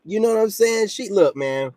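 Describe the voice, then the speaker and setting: A man's voice: high-pitched, expressive, normal speed, mellow, no echo. A man, ranting bluntly and confrontationally in casual talk, peppered with repeated filler asides. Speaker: commentator vlogger. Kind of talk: casual rant to camera.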